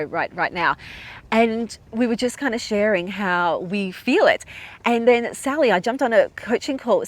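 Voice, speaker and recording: A woman hosting a podcast, telling a personal story in a chatty, emotional way with lots of filler words. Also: medium pitch. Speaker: podcast host.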